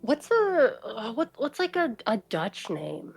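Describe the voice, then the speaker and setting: A deadpan woman on a livestream, her voice sitting a bit high. She speaks in a flat, matter-of-fact way. There is faint music in the background. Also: slow, gravelly, slightly rough. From United States. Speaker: guest streamer. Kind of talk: casual chat.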